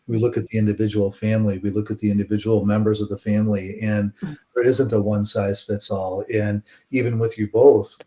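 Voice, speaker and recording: A man with a low, mellow voice moderates a webinar over a video call. His delivery is flat and measured, with small restarts along the way. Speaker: webinar host.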